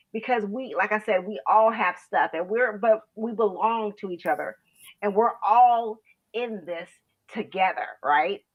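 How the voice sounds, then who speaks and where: Earnest woman on a lo-fi video call. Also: on the high side. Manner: earnest, storytelling, frequent "you know". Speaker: guest, founder of a kindness initiative. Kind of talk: casual interview monologue. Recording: dull lo-fi video call audio.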